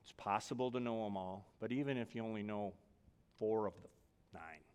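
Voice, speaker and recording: A man preaching a sermon as a pastor, conversational and upbeat, then going quiet and soft for scripture and prayer. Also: lowish voice, brisk, clean tone, big-room sound. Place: church sanctuary.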